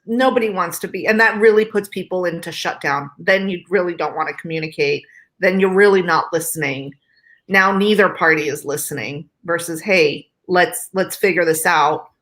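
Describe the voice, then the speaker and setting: A woman hosting an interview, talking emphatically and telling lively stories. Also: lowish voice, fairly quick. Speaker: host. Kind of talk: conversational interview.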